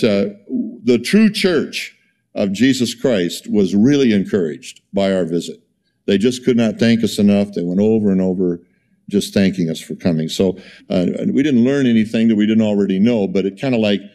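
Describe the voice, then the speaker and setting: A man giving a sermon in a conversational, storytelling way, full of fillers and restarts, his pitch jumping up when he is incredulous. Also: a little mellow. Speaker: pastor.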